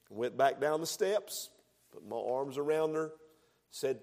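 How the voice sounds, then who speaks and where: A man preaching a sermon as pastor, building to loud, emphatic passages. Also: a little high, a little slow. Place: church sanctuary. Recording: long echoing reverb of a church hall.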